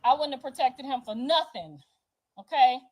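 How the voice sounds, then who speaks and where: A high-pitched woman on a livestream, launching into a heated personal rant. She is confrontational and profane, hammering her points home with repetition. Her voice sits well above the usual range. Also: expressive, moderate pace, darkish tone, rough recording.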